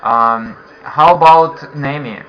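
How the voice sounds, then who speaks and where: Over a dull, lo-fi online call, a man of medium pitch with a Russian accent takes his time leading beginner English learners, patiently repeating his questions.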